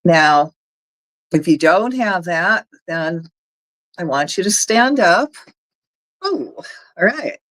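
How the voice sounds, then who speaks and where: A woman's voice: on the low side, lively intonation, slow, pauses often, fairly bright tone, low-quality recording. Folksy Southern woman guiding energy work. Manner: chatty, folksy, talks viewers through steps. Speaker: energy healer. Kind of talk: guided energy work session.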